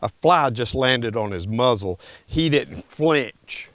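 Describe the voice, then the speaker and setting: Middle-aged male dog trainer at home, average pitch, relaxed talk with clipped commands. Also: slow, no room sound. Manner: explains conversationally, then gives short firm commands to a dog. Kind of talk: casual instructional vlog. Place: home kitchen.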